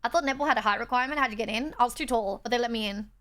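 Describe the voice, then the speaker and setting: She talks very fast, her voice a little high with a fairly bright tone. The speaker is a young Australian woman casually livestreaming indoors on a borrowed setup, reading chat and thanking her viewers.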